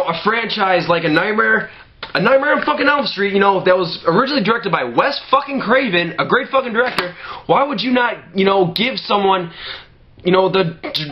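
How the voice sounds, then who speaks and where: This man's voice sits high, and the audio is dull with slight background noise. Ranting about a movie to camera, he swears heavily, leans on "you know" again and again, and keeps restarting his sentences.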